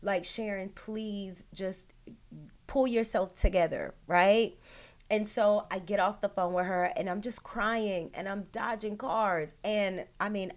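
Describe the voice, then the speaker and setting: A woman hosting her own show, telling an emotional personal story straight to her listeners with many "like" and "right?". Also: mid-range voice.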